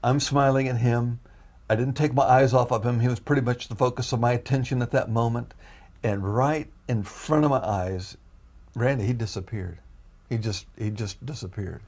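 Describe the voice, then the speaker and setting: A man giving an earnest, emotional personal testimony. He is a guest, and at times his telling rises into loud, high pleading. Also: normal speed.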